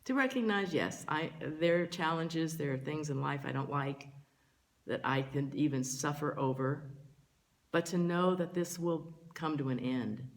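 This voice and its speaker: An older woman giving a slow, reflective spiritual talk as a teacher, gentle and earnest, pausing often between phrases. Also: low-pitched.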